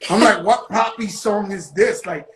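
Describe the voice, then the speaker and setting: A man's voice: sits high, normal speed, a bit bright, echoey room, poor audio. A man interviewing a guest in loose, joking street slang, swearing freely and teasing. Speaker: interviewer, rapper. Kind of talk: casual interview chat.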